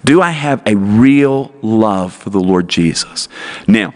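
A man's voice: lowish voice, lively intonation, slow pace, darkish tone. A male pastor preaching a sermon in an earnest, emphatic way, pressing his points with repeated rhetorical questions.

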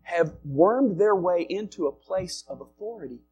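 Man preaching with big swings in loudness. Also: sits high, expressive, normal speed, dull audio, faint music behind. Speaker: pastor. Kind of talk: sermon.

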